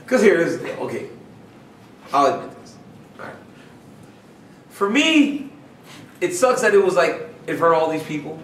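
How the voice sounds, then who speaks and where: Animated man telling a story, roomy room. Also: a little high, moderate pace, long pauses, recorded from a distance, slight background noise. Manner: animated, laughing, acts out quotes. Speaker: fighter being interviewed. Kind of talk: casual storytelling in a media scrum.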